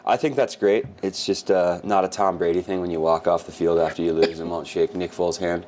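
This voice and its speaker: A man co-hosting a casual sports podcast, telling animated stories and acting out quotes. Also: sits low, a little fast. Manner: animated storyteller who acts out quotes. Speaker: podcast co-host.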